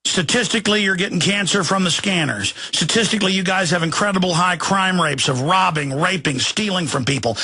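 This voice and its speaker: Man, talk radio host, raspy, bright tense voice, angry shouting rant. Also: a little high. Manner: angry, shouting rants with sarcastic asides. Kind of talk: ranting talk radio monologue.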